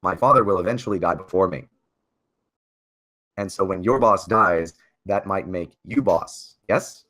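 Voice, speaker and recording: A man playing a tabletop game in character, speaking in a measured, persuasive way. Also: low voice, bright, forceful tone. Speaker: player. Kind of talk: in-character tabletop role-play.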